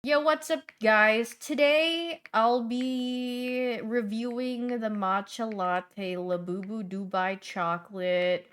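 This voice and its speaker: A woman's voice: a little high, steady tone, slow, hardly any pauses, clean tone. Playful young woman streamer chatting. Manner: chatty and playful, answering chat, swings from loud bursts to mumbling. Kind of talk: casual livestream chat.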